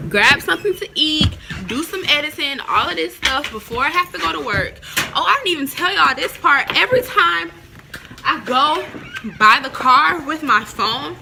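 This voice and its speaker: A woman's voice: high-pitched, vocal fry. A young woman talking casually to her phone camera in a chatty, slangy, rambling way, partly outdoors by a parked car. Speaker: vlogger. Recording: loud street noise outdoors.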